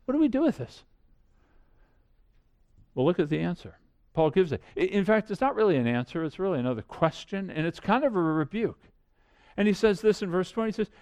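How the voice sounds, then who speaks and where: A man preaching a sermon, animated, asking rhetorical questions and swinging between loud and quiet. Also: sits high, a little fast. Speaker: pastor.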